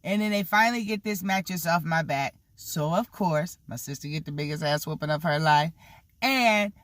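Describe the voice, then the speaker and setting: A person in their thirties telling childhood stories in a casual vlog, animated and swearing freely, with lots of "like" and "you know". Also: mid-range voice, normal speed, no echo. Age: 30s. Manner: animated, swears freely, acts out the people in the story; heavy use of "like" and "you know" fillers. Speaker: vlogger telling a story.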